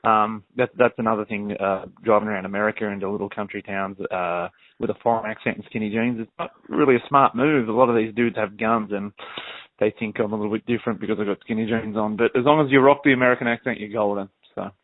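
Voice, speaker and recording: A man's voice: fairly low pitch, quick pace, no echo. Australian man on a tinny line. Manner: chatty storyteller, relaxed and joking. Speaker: guest musician. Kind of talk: casual interview chat. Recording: dry, tinny phone-like line.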